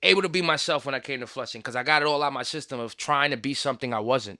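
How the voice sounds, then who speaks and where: A young man, hosting a casual podcast and telling stories in an animated, slangy way full of swearing. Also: medium pitch, fast talker, few pauses, no room sound, clean studio sound. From Puerto Rican, raised in New York. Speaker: podcast host.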